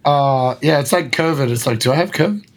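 A man's voice: fairly high pitch, fairly quick. A man on a podcast making guesses in a quiz game, playful and teasing, often laughing. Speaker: podcast co-host, quiz contestant. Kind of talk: casual podcast banter.

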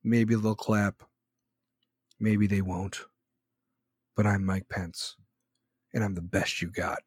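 Brief: man doing a slow, low, flat-voiced politician, dull and droning. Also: slightly rough, dry recording, clean studio sound. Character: middle-aged male politician, slow and monotone.

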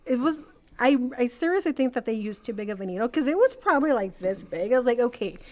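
A woman's voice: fairly high pitch, sing-song, quick pace. A young adult woman telling a personal story as a podcast guest, casual and full of fillers like "like" and "you know.".

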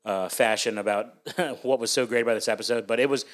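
A man's voice: mid-range voice, fairly even intonation, fast talker. Upbeat male podcast host. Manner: upbeat, loose, laughs often. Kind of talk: casual podcast chat.

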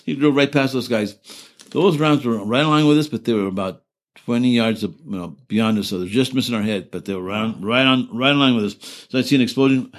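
An older veteran telling war stories in an oral history interview speaks fairly quickly in a medium-pitched voice. His account rambles and is full of profanity, trailing off into restarts as he laughs through grim memories.

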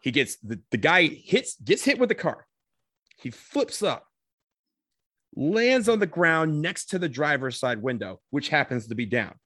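Animated man telling a wild story. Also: fairly high pitch, measured pace, no room sound, studio quality. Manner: animated, swears casually, acts out quotes. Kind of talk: comedic personal anecdote.

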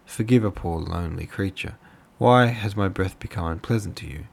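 A man's voice: deep voice, normal speed, creaky, darkish tone, breathy edge, full character voice. A man voicing a half-mad crippled older mother who rambles on with self-pity. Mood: rambling. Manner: rambling, aggrieved.

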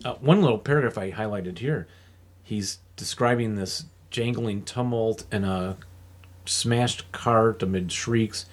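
A man leading a casual group discussion, telling a story with lively acted-out quotes and frequent laughter. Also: lowish voice, unhurried. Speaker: discussion leader.

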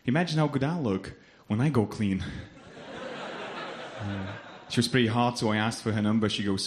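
Lithuanian guy doing standup, dry deadpan jokes, chuckles at his own lines, faint live club hiss. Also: fairly low pitch, a little fast. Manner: deadpan delivery, laughing at his own punchlines. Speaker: stand-up comedian. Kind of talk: stand-up comedy set. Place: comedy club stage.

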